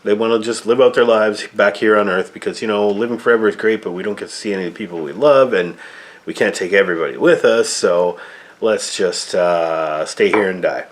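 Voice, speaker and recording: A man with a fairly low voice reviews a film in a loose, rambling rant. He sounds exasperated and drops the odd swear word. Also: a little fast. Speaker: movie reviewer. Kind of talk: casual ranting review.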